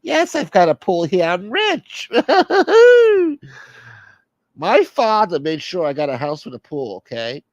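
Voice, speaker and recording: A man putting on a high fussy rich guy. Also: sing-song, moderate pace, hardly any pauses, no room sound, muffled recording. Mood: soothing.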